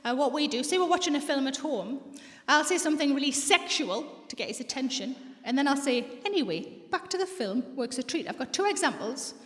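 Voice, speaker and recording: A woman in her forties with a North East English accent, telling bawdy stories deadpan in a stand-up set and acting out the voices of the people in them. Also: high voice, brisk. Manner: bawdy deadpan storytelling, acts out quoted voices. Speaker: stand-up comedian. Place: large theatre with live audience. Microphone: stage microphone. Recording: reverberant hall, loud audience laughter.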